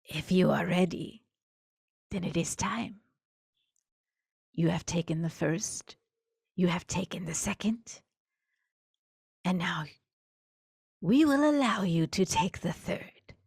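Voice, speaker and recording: A woman's voice: on the low side, slow, creaky, long pauses, darkish tone, slightly rough, no room sound, clean studio sound, heavily acted. A woman voicing a malformed sea creature that poses as a human, with a tinny yet guttural voice. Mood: commanding.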